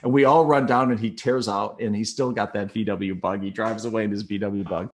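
A man's voice: on the low side, brisk, a little hiss or hum. A middle-aged man candidly telling a personal story to a listener, acting out the people in it. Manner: animated, acts out voices of people in the story; candid and self-deprecating, with laughs. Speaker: storyteller guest. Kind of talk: personal anecdote told to a listener.

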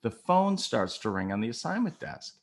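An older man, a former TV news photographer and reporter, telling stories from his career in a casual, animated way and acting out the people in them. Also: mid-range voice, moderate pace, vocal fry. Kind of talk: casual anecdotal storytelling.

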